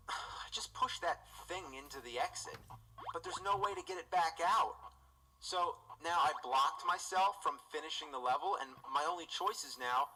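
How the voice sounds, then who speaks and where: An actor playing a foul-mouthed, exasperated game critic, ranting incredulously through a scripted comedic review. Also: male voice, fairly high pitch, measured pace, pushed and bright, poor audio.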